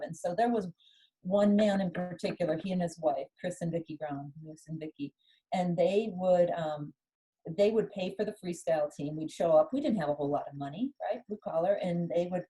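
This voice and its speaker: A middle-aged woman, a former athlete, telling her story in an interview with lively storytelling and acted-out dialogue. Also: lowish voice, normal speed, rough recording. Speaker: guest, former Olympic skier. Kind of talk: conversational interview.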